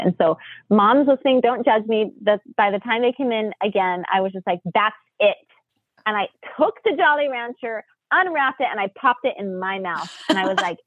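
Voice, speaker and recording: A middle-aged woman from the United States tells a story with animated energy and acts out what people said. Her voice comes through dry and narrow, like a phone line. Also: medium pitch, normal speed, dry recording. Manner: animated, acts out quotes with laughs. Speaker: podcast guest. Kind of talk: storytelling interview chat.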